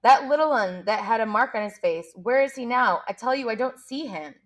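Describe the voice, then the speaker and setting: A woman's voice: on the high side, animated, a little fast, pitched above the performer's own voice, close to an everyday voice. A woman reading aloud, voicing an indignant, anxious schoolboy who scolds the others breathlessly.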